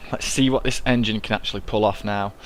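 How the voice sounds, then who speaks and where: A man's voice: lowish voice, fairly even intonation, fast, faint music behind. A young man giving casual, self-mocking commentary as he plays a game, talking himself through each step. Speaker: gaming YouTuber. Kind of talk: casual let's-play commentary.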